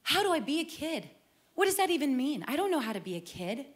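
Woman, middle-aged, personal testimony, earnest and emotional, fairly high voice. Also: very animated, quick pace. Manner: earnest storytelling, emotional, with repeated phrases. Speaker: worship singer sharing testimony.

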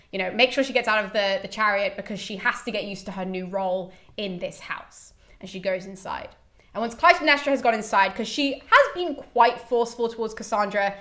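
A young woman hosting a casual, animated retelling of a story, slipping into quick character voices as she goes. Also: fairly high pitch. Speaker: host.

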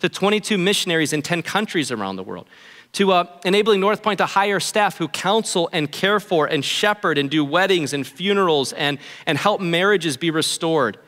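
A male pastor preaching a sermon in an earnest, animated way, voicing what his listeners might think. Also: high voice, moderate pace, in a large hall. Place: church auditorium.

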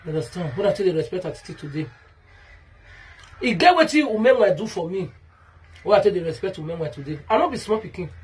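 Heated Nigerian woman, very husky voice. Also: on the low side, animated, fast, long pauses, a little mellow. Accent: Nigerian Pidgin English. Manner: heated, repetitive, calls out someone by name. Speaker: vlogger. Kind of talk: ranting vlog monologue.

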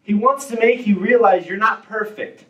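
A man's voice: high-pitched, moderate pace, fairly bright tone. A young man in his teens giving a casual, joking personal testimony to a church youth group. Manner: casual, joking, self-deprecating. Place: church youth hall, indoors. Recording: roomy hall, distant mic.

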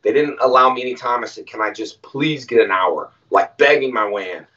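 A man as an interview guest, telling stories casually and acting out quoted lines with animated voices. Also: medium pitch, a little fast. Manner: animated, acts out quoted dialogue. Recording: distant, muffled audio.

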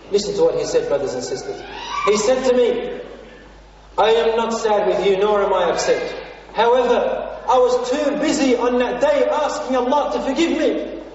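A male preacher from Australia tells a moving story to his congregation, calling them brothers and sisters and slipping into Arabic phrases. His voice sits unusually high for a man. It was caught from well off the mic in a hall with long, heavy reverb, on a dull, muffled lo-fi recording. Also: a little mellow, far from the mic, a little hiss or hum. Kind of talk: sermon storytelling.

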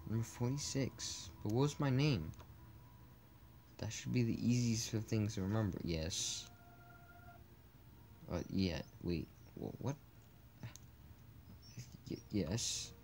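A man's voice: lowish voice, slow pace, pauses often, darkish tone, slight background noise. A man reading a text adventure game aloud as a let's play, often stumbling over words and breaking off with puzzled asides.

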